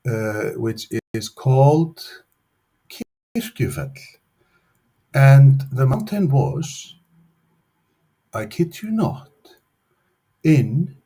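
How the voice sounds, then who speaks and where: Male host, unhurried, hesitant, joking manner. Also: medium pitch, a little mellow. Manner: slow, hesitant, playful. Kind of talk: casual interview chat.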